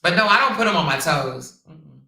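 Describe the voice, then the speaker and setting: A woman hosting a casual livestream, telling stories and reading viewer comments in an animated, sassy way. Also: on the low side, a little fast. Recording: roomy echo.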